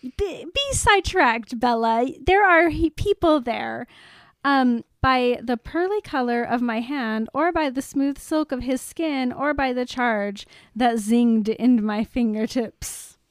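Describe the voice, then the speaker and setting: High, unhurried woman co-host, teasing exclamations, dry mic. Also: smooth, dry recording. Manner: exclaims and teases, laughs a lot. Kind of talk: casual book recap chat.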